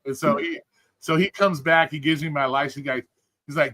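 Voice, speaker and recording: A man's voice: on the high side, a little fast, pushed and bright. Blunt, profane man telling stories. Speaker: storyteller on a live stream. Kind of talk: casual storytelling.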